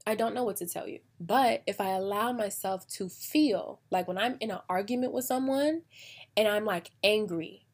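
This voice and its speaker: Animated chatty American woman podcast host. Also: normal speed. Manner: chatty, animated, acts out quoted voices with big pitch jumps. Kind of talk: casual solo podcast talk.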